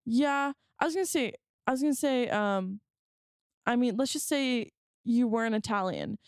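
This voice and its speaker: A woman's voice: fairly high pitch, lively intonation, normal speed, clean tone, no room sound, studio quality. A woman co-hosting a podcast, chatting casually and rambling with many fillers and restarts. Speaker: podcast co-host. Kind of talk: casual chat.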